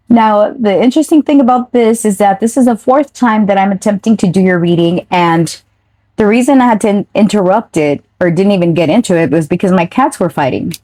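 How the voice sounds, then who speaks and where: A woman's voice: mid-range voice, mellow, no room sound. A woman giving a casual, chatty tarot reading straight to her viewers, now and then swearing offhand. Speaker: tarot reader.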